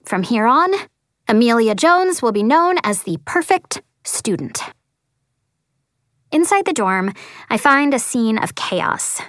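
A woman's voice: on the high side, sing-song, slow pace, long pauses, a bit bright, dry recording. A woman reading a first-person story as an audiobook narrator, earnest and lightly voicing the dialogue.

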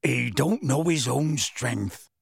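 A man voicing a big, bearded half-giant man who speaks in rough, homely grammar, earnest and close to tears. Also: medium pitch, sing-song, slow pace, dry recording, heavily acted. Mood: earnest, pleading.

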